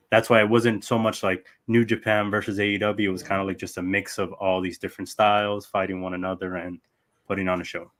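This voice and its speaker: A man's voice: low voice, a bit bright. A man co-hosting a podcast in casual chat, chuckling and explaining at length. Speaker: podcast co-host.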